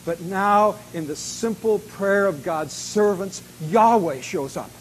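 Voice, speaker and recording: A man preaching a sermon, reading scripture dramatically, slowing down and rising in volume on key lines, then dropping to a quiet, intimate tone. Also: sits high, slight background noise, low-quality recording. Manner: dramatic, slows and rises to a shout on key lines. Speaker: pastor.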